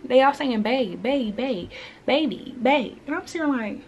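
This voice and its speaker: A woman in her twenties talks casually to her viewers, telling a story with lively, animated delivery. Her voice sits a little high. A faint hiss of background noise runs under the recording. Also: measured pace, lo-fi sound. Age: 20s. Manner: chatty, animated, acts out her own past lines. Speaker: vlogger. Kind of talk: casual storytime chat to camera.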